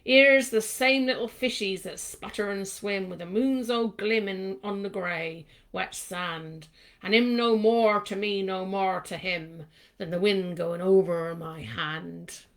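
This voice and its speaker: A woman voicing a Cornish woman mourning a lost lover, reading slowly in a put-on Cornish accent with a drawn-out, sing-song lilt. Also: medium pitch. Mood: wistful.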